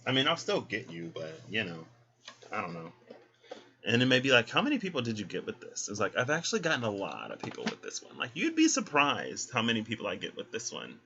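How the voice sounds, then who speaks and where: A man's voice: on the low side, huge pitch swings, fairly quick, creaky, bright, forceful tone. A man giving a casual tarot reading, sassy and chatty, talking straight to the listener, in a dull lo-fi recording. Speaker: tarot reader. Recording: dull lo-fi sound.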